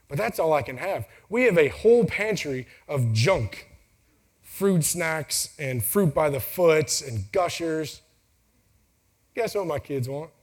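Man, 30s, speaker at a live talk, a bit higher voice, jokey storyteller who acts out voices. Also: a little mellow. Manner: joking, storytelling, acts out quotes. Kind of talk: casual motivational talk. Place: venue with a timer for speakers.

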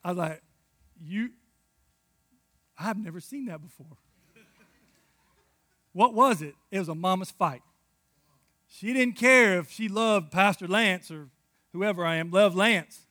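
A male pastor in his thirties preaching with lively storytelling, dropping to hushed asides and then rising to loud bursts. His voice sits high and bright. The sound is close and dry. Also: moderate pace, no echo. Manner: animated storytelling with big swings from hushed to loud. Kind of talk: sermon.

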